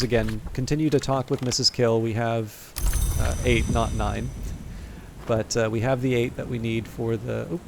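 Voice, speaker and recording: A man's voice: medium pitch, vocal fry, background noise. A man commentating a game late at night, thinking aloud with hesitant restarts and reading game text, a little tired. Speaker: gameplay commentator.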